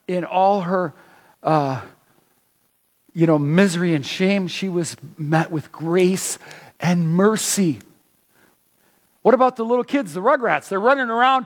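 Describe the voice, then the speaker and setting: A man preaching a sermon, animated and emphatic, often restarting his phrases. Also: high-pitched, in a large hall.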